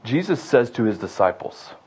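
A young adult man preaching a sermon, building to loud rallying shouts and then dropping low and intimate. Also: sing-song, moderate pace, slightly rough. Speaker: pastor.

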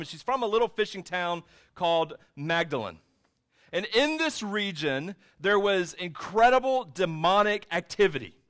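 High-voiced man preaching a conversational sermon. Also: fairly bright tone. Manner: conversational storytelling, retelling scenes in his own words. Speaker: pastor. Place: church sanctuary with a screen.

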